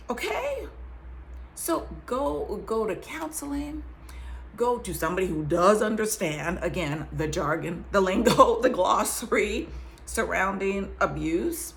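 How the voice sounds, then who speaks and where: A woman's voice: medium pitch, animated, measured pace, vocal fry, fairly bright tone, slight background noise. A woman giving an earnest faith-based talk, emphatic, dropping into whispers and laughing between phrases. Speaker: survivor sharing testimony.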